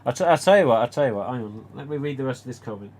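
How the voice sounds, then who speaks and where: A man's voice: mid-range voice, expressive, rapid-fire, a little mellow. A man hosting a casual live stream, telling rambling stories and swearing mildly as he answers comments. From England. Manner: rambling and anecdotal, with mild swearing.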